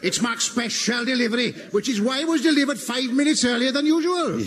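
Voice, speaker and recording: A man's voice: extremely high pitch, brisk, fairly bright tone. An actor playing a cheeky, grumbling odd-job man with a Welsh accent in a radio comedy.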